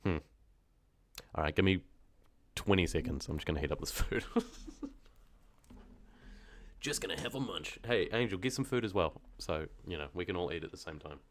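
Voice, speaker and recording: A man's voice: low-pitched, expressive, brisk, a little hiss or hum. A man chatting casually on a live stream into his microphone, rambling and humming to himself. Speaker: horror story narrator and live streamer.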